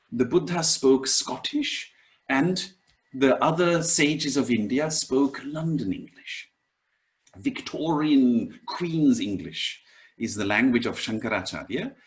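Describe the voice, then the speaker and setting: A man teaching as a spiritual teacher, giving a commentary on a scripture and sometimes chanting verses in an ancient language. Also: mid-range voice. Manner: slow, animated delivery with chanted Pali recitation.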